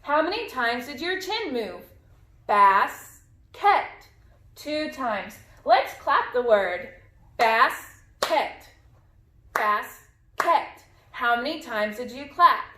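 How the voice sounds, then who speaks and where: A woman's voice: high-pitched, lively intonation, takes it slowly, a bit bright, echoey room. A woman teaching a phonics lesson to young children, patiently modeling sounds and words.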